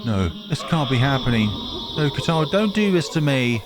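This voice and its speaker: A man's voice: mid-range voice, big pitch swings, normal speed, music in the background, pitched above the performer's own voice, lightly acted, poor audio. A man reading the lines of a frightened young girl who pleads and calls for help in a horror game. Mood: desperate.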